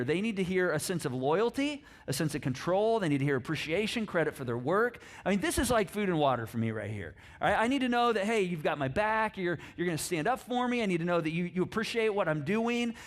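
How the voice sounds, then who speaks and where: A man preaching a sermon in a church, animated, acting out little voices and laughing often. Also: high-pitched, fast talker. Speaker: pastor. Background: congregation.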